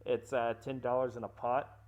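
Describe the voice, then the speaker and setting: A man's voice: medium pitch, little pitch movement, darkish tone, muffled recording. A man co-hosting a podcast, recapping a film in casual chat with lots of fillers and restarts. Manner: rambling, filler-heavy, quick to laugh. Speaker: podcast co-host.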